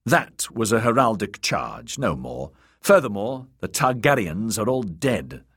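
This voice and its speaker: A man's voice: on the low side, very animated, a little slow, fairly bright tone, husky, no echo, clean studio sound, voice pushed up, full character voice. A man voicing a stiff young scholar who speaks firmly and corrects others. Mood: stern. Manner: firm, lecturing, anxious. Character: stern, fussy young male scholar.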